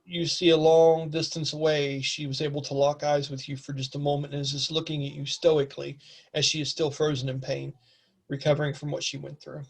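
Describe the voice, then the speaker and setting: A man's voice: a little high, level tone, a little fast, vocal fry, husky. A man narrating a tabletop game as game master, describing scenes with frequent ums.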